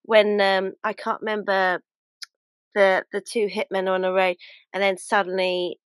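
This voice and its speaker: A woman's voice: medium pitch, level tone, moderate pace, smooth, no echo. Chatty woman, dry close sound. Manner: chatty, rambling, trails off and restarts mid-thought. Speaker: podcast co-host. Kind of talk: casual film chat.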